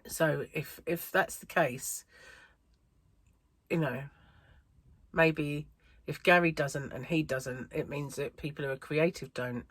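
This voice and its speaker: A woman's voice: low-pitched, fairly even intonation, slow pace, long pauses, dry recording. Chatty woman, rambling and laughing. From United Kingdom. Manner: rambling, chatty, laughs often, many "you know"s. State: a bit out of breath. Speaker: crochet vlogger. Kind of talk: casual chat to camera.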